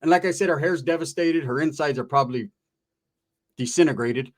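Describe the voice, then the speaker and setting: A man's voice: on the high side, a little fast. A man from Northern California telling a wild personal story in casual street slang, swearing freely and acting out the voices of the people in it. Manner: animated, profane street slang, acts out voices.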